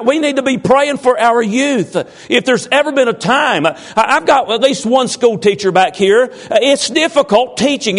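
Preacher man, high-pitched, folksy and teasing with the congregation. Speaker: pastor. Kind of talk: informal sermon to a congregation.

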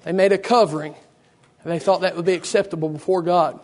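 A man preaching a fervent sermon with a hoarse, worn voice, praying with a repeated "Lord" and building to shouts. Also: high-pitched, fairly even intonation, fast talker. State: hoarse, losing his voice.

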